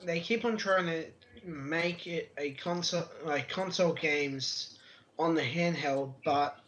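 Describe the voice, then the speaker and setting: A man's voice: a little high, measured pace, a crowd in the background. A man chatting casually about video games in a laid-back way, with lots of fillers. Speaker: co-host. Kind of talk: casual gaming chat.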